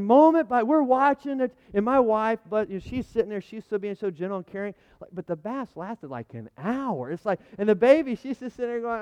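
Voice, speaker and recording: A man in his thirties preaching a sermon in a conversational, animated way, often repeating his words. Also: high-pitched. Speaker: pastor. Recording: muffled lo-fi sound.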